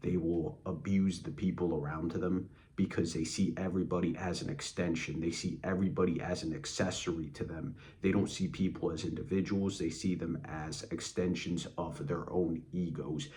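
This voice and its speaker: A man with a fairly low voice gives a blunt, angry motivational rant. He sounds contemptuous and swears freely. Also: fairly even intonation, normal speed, few pauses, a little mellow, slight background noise. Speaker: motivational channel host.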